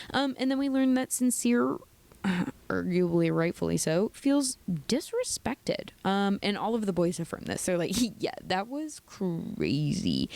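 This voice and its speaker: A young woman talking through a reality TV recap in a sassy, opinionated way. Her voice has a gravelly fry at the ends of phrases, and she jumps into animated asides. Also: medium pitch. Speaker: recap host.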